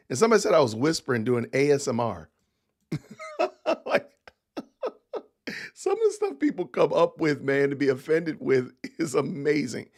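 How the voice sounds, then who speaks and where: A middle-aged man hosts a podcast livestream, reacting to news clips with rambling, casual commentary and speaking directly to his chat. His voice is a little high and very animated, at a moderate pace.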